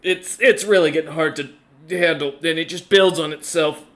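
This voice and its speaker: A man's voice: fairly high pitch, steady tone, moderate pace, a bit bright, natural voice. A man voicing a weary, disgusted mage. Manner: sighing, weary complaints. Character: exasperated male magic user, disgusted by a stench.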